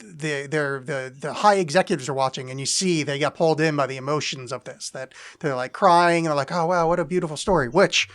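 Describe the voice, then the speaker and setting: A man's voice: fairly high pitch, a little fast, few pauses, a bit bright. A man co-hosting a podcast, talking in an offhand, wry way with plenty of swearing. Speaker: podcast co-host. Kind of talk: casual chat.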